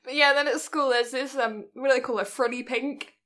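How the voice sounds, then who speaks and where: A woman's voice: high-pitched, fairly even intonation, brisk, fairly bright tone. A British woman co-hosting an anime podcast, chatting casually, giggly, sweary and rambling. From Britain. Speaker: podcast co-host. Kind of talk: casual chat.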